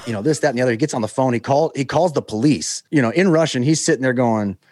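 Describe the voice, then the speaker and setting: A man's voice: mid-range voice, quick pace, no echo, clean studio sound. An American man telling a long story as a guest, acting out the voices of the people in it and rambling with lots of fillers. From United States. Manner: animated, acts out quoted voices. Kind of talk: casual storytelling.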